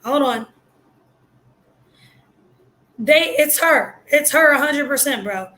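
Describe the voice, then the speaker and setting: A woman hosting her own video channel, reacting to news in blunt, excitable, slangy casual commentary while losing her voice. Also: high-pitched, moderate pace.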